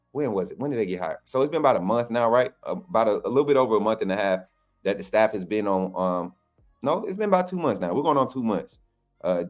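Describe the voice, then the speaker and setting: A man co-hosting a fan channel, telling a story casually with lots of restarts and y'all. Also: on the low side. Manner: rambling, many restarts and "y'all", animated.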